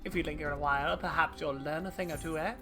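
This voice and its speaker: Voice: medium pitch, fairly even intonation, fast, music in the background, lightly acted. A streamer voicing a struggling, wheedling small merchant while reading game dialogue aloud on stream. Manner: theatrical read of game dialogue.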